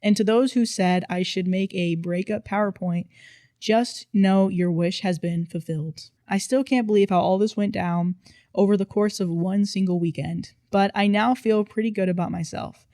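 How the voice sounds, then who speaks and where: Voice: medium pitch, fairly even intonation, moderate pace, dark tone, no echo. A narrator reading online posts aloud in casual storytime style, with dry, playful emphasis.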